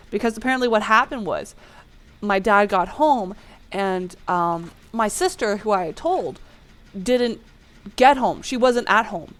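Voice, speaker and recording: Woman gaming host, higher-pitched, rambling casual storyteller full of "like" and "um". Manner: chatty and rambling, fillers like "like" and "um".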